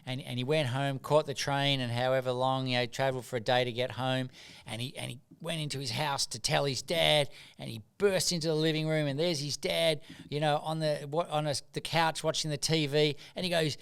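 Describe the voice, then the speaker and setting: A middle-aged man speaks as a podcast guest, telling earnest, animated stories and often restarting his sentences. His voice is smooth and resonant, sitting at an everyday pitch. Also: fairly quick. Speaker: guest, doctor and rites of passage mentor. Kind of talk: reflective storytelling in podcast conversation.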